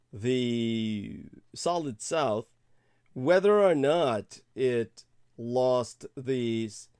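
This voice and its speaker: A man's voice: medium pitch, warm tone, smooth, no echo, clean studio sound. A man hosting a talk show, delivering a rambling monologue and laughing off interruptions. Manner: long-winded, laughs off interruptions. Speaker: podcast host.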